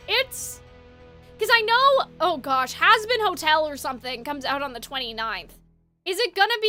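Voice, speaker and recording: A woman's voice: very high-pitched, bright, forceful tone. A woman streaming a game, chatting casually and rambling, with a dry throat.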